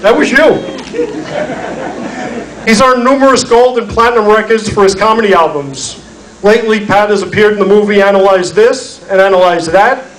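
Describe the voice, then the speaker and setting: A man presenting an award at a banquet, reading a prepared introduction in a steady, formal way. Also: sits high, brisk, distant mic. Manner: steady, formal listing of credits. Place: banquet hall. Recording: voice from off mic in a hall.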